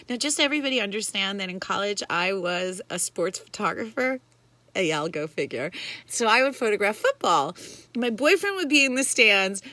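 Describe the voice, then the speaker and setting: A middle-aged woman, chatting casually to viewers of her livestream from her apartment, animated and laughing often. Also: medium pitch, no room sound. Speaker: vlogger. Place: apartment in Israel.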